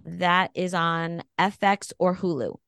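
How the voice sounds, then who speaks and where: A woman co-hosting a podcast, chatting casually and bluntly about TV shows with animated opinions. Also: fairly low pitch, slow, vocal fry, clean tone, no room sound, clean studio sound. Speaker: podcast co-host.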